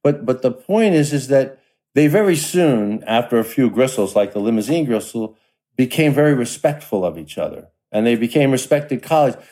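Mellow-voiced man, frank and wry. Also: mid-range voice, animated, moderate pace. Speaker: guest, son of an actor. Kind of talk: casual podcast panel talk.

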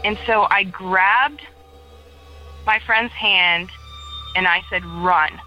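A woman's voice: medium pitch, slow pace, muffled recording, soft background music. A young woman calling in to tell a ghost story in casual first person, chatty and full of "like," acting out the dialogue as she goes. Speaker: caller sharing a ghost story.

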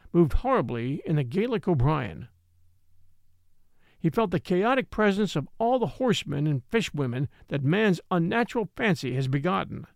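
A man narrating a classic mystery audiobook in a measured, expressive storytelling manner. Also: a little high, gravelly, no echo, clean studio sound.

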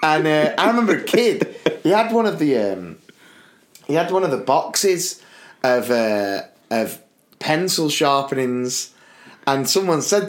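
Lively British man telling school stories. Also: on the high side, measured pace. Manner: animated storytelling, acts out voices. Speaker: podcast co-host, teacher. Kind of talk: casual chat.

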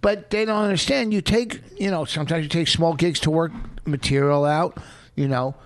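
A man's voice: on the high side, normal speed. A man comedian telling meandering stories on a podcast, rambling and restarting. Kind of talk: casual podcast storytelling.

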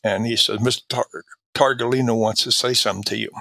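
A man's voice: mid-range voice, fairly even intonation, fast talker, creaky, sharp tone, no echo. An older man from Quebec, a guest in an interview, telling long anecdotes with many fillers and acting out quoted dialogue. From Quebec, Canada. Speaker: guest, retired drug agent. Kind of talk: storytelling interview.

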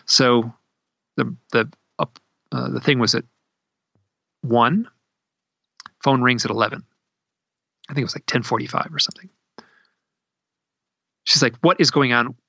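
A man from Idaho tells a long personal story in a rambling, casual way, often restarting his sentences. His voice is gravelly and bright. The recording is dry and a little dull. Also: medium pitch, steady tone, a little slow, pauses often, no echo. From Idaho, USA. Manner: rambling, with many restarts and fillers. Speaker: guest telling a personal story.

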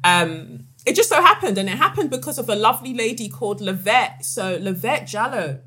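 A woman's voice: medium pitch, expressive, brisk, slight background noise. A woman from England hosting a podcast, exuberant and teasing, chatting with guests. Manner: exuberant, teasing, loud bursts of laughter. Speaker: podcast host. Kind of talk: lively group chat with laughter. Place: room with a group of guests.

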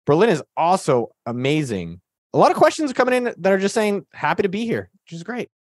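This podcast host's voice is high-pitched and sing-song, moving a little fast over a dry, studio-quality recording. He answers listener questions in a hyped, casual Q&A, slangy and jokey and packed with banter.

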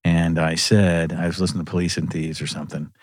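A man with a low, deep voice tells stories in a relaxed, animated way, laughing as he goes. The sound is close and dry, with no room echo. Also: quick pace. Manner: animated storyteller who laughs through his anecdotes. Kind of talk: casual storytelling conversation.

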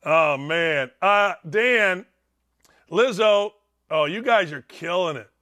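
A man hosting a sports talk show in a high-pitched voice. His tone is bright and sharp. He rants sarcastically and mocks with loud bursts. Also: expressive, slow pace. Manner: sarcastic, mocking, loud outbursts, frequent laughing asides.

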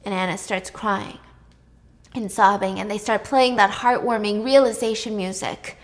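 A woman's voice: medium pitch, steady tone, normal speed. A woman retelling a plot in a casual, chatty way, full of asides. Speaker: plot recapper. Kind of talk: casual storytelling recap.

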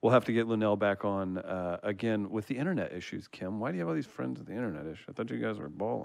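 A man's voice: fairly low pitch, animated, quick pace, creaky, no echo. A man hosting a casual chat show, reading listener comments aloud and laughing often. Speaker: host.

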